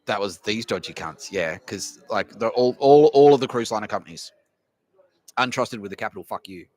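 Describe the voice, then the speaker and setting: A man's voice: lowish voice, moderate pace, darkish tone. Profane rambling Australian man. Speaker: podcast host. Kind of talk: ranting comedy monologue.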